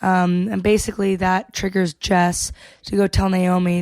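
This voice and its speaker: A woman's voice: medium pitch, little pitch movement, measured pace, a little mellow, no room sound. A woman co-hosting a podcast, casually recapping an episode in a chatty way, swearing freely and laughing between points. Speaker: podcast co-host.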